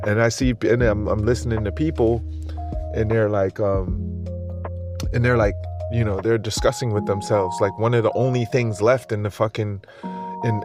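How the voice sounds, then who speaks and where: Rambling, swearing man. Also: lowish voice. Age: adult with a school-age kid. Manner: rambling, swears freely, laughs often. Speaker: podcast host. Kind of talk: casual profane monologue.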